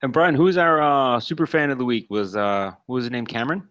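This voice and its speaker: A man's voice: medium pitch, a little fast, a bit bright, no echo, muffled recording. Laid-back male podcast co-host. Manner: laid-back, filler-heavy rambling. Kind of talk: casual podcast chat. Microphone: video call.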